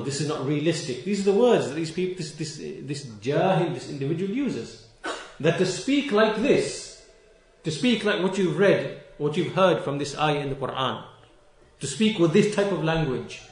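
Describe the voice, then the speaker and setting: A man's voice: on the high side, roomy sound. A man giving a religious lecture, stern and emphatic, repeating key phrases and stretching words for stress. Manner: stern and reproachful toward critics. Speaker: Islamic lecturer.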